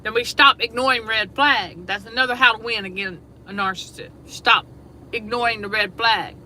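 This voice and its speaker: Bright-voiced woman, laughing, emphatic host. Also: a little high, normal speed, rough recording. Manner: laughs often, emphatic and repetitive. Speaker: show host. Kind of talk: casual spiritual talk livestream. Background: air conditioner hum.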